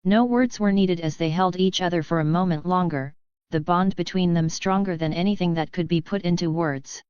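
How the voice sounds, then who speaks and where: A woman narrating an audiobook in an even, measured way. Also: lowish voice, clean tone, no room sound. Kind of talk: scripted narration. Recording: dull, dry sound.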